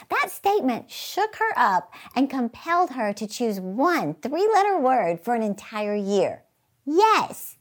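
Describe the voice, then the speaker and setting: A woman's voice: fairly high pitch, sing-song, a little slow. A woman hosting her channel, giving an upbeat, emphatic faith-based motivational talk and asking the viewer rhetorical questions. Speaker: inspirational speaker and channel host.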